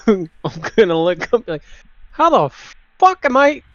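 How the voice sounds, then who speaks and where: During casual tabletop game play, a male player with a high, very animated voice talks a little slowly, sounding nervous and hesitant and laughing often. The recording is dry, with a dull lo-fi sound.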